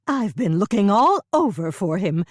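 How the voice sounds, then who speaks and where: A woman's voice: mid-range voice, big pitch swings, normal speed, no room sound, pitched above the performer's own voice. Flustered fussing mom, a woman reading her, pleading, swoopy voice, dry close sound. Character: anxious fussing older mother.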